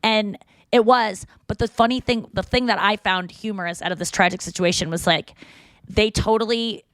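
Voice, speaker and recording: A woman's voice: mid-range voice, normal speed, a bit bright, no room sound. Chatty woman telling a rambling story. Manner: rambling storyteller, acts out quoted voices. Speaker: podcast host. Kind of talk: casual chat.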